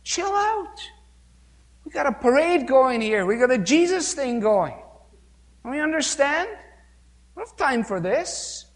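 A preacher acting out an impatient crowd of men who brush off a beggar in slangy, dismissive words, heard with a long hall reverb. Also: male voice, extremely high pitch, big pitch swings, a little slow, pauses often, pitched above the performer's own voice, heavily acted.

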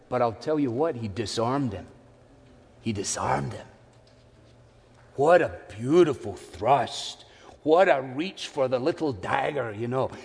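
High-voiced male preacher in a hall. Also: darkish tone. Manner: conversational, with chatty asides and self-corrections. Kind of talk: expository sermon.

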